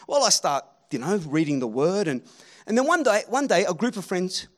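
A man preaching a sermon, animated and rallying the crowd, swinging between loud calls and hushed moments. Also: high voice, brisk.

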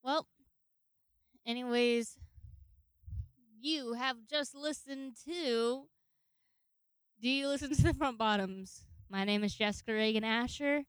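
A young woman hosts her podcast in rambling, giggly casual chat. Her voice is smooth and clear and sits slightly high. The sound is close and dry. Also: unhurried, long pauses, no room sound. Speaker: podcast host.

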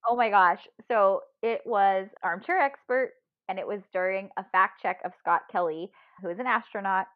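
Over what sounds like a phone line with no echo, a female podcast co-host tells stories at a moderate pace in a medium pitch. The chat is casual and full of laughter, and her storytelling is animated, punctuated by frequent laughs.

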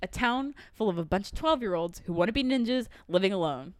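A woman in casual podcast chat, recapping an anime with animated retelling and acted-out lines, sarcastic and swearing. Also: medium pitch, fairly quick, dry recording, studio quality.

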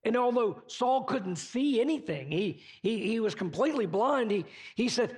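A man's voice: high-pitched, expressive, unhurried, darkish tone. A man preaching a sermon, retelling a story in a conversational way with casual asides to the listeners.

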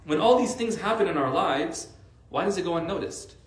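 This Arabic teacher's high voice moves briskly, and the sound is roomy. Speaking casually to a faith circle on religious matters, he tells lively stories and leans heavily on "like" as a filler.

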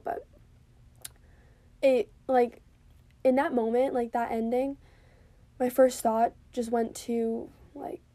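A woman's voice: a little high, mellow, no room sound. A young woman giving a heated, profane, casual review of a TV episode, full of fillers and quoted asides. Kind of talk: casual opinionated review monologue.

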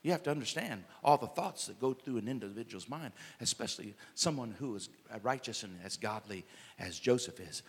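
A man preaching a sermon as pastor, impassioned, swinging between loud and soft, with many "uh" fillers. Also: mid-range voice, lively intonation, fairly quick, slightly rough, long reverb tail.

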